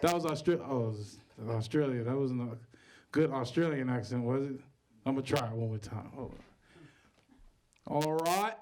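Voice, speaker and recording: A man hosting a stand-up show, doing loud, playful crowd work between acts. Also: medium pitch, moderate pace, pauses often. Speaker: host introducing comedians. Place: comedy stage before a live audience.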